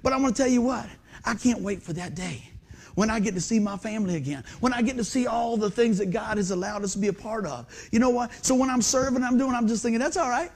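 Animated high-voiced pastor. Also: male voice, fast, gravelly. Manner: animated, swings from hushed to excited exclamations. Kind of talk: lively storytelling sermon.

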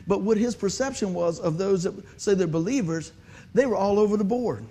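A man's voice: sits high, a little fast, dark tone. A man preaching a sermon, telling a folksy story and joking with the congregation. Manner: folksy, conversational, joking with the audience.

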